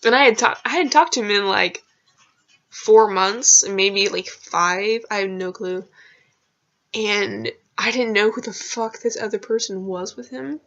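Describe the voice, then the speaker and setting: A woman's voice: mid-range voice, unhurried, fairly bright tone. A young woman vlogger rambling through embarrassing personal stories, full of fillers and casual swearing. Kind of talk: casual storytelling. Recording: lo-fi dull sound.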